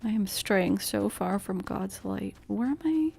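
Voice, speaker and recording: A woman's voice: medium pitch, lively intonation, a little slow, creaky, darkish tone, slightly rough, faint music behind. A woman streaming a video game, talking casually to chat in a chatty, self-deprecating way, laughing often. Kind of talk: casual gameplay commentary.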